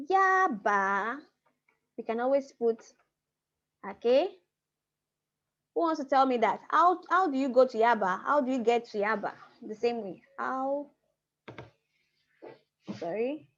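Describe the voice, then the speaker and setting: A woman teaching a language class over a video call, explaining patiently and slowing down to repeat key phrases. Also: fairly high pitch, lively intonation. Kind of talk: online class lecture. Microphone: computer mic on a video call. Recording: muffled video-call audio.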